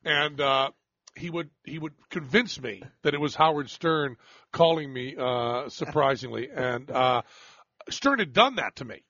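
A man's voice: a little high, lively intonation, unhurried, sharp tone, no room sound, dull audio. A man hosting a radio show, chatting casually and rambling in a self-deprecating way with many restarts.

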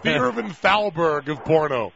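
A man's voice: fairly high pitch, sing-song, normal speed, creaky, crowd noise. A man hosting a call-in radio show, talking brashly and arguing with callers in a joking way. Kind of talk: casual call-in radio chat. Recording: dull lo-fi radio broadcast.

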